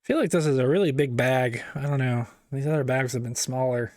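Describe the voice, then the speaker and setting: A man's voice: mid-range voice, brisk, a little mellow, no room sound, studio quality. A man streaming live as he builds a toy set, chatting casually in self-mocking, rambling asides.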